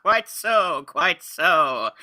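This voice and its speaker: Dude doing a posh fancy mallard gent, slow and bright, swoopy pitch. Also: male voice, sing-song, dry recording, full character voice. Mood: haughty. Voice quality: posh, affected upper-class voice. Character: posh old-money male mallard gentleman. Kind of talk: improvised comedy role-play.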